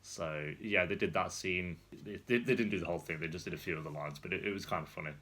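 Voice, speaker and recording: A man's voice: deep voice, fast, pushed and bright. A young man vlogging casually, telling a rambling story with frequent laughs while seated indoors. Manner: rambling, chatty, laughs often. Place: seated indoors on a rolling chair.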